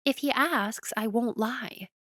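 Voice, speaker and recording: A woman's voice: a little high, slow pace, a bit bright, no room sound, clean studio sound, pitched above the performer's own voice. A woman voicing an outspoken, snarky young heroine in an audiobook, speaking bluntly. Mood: frank. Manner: blunt and frank.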